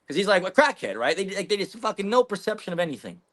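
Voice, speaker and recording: Profane, animated guy telling a story. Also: sits high, quick pace. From Canada. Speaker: podcast guest. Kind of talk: casual storytelling.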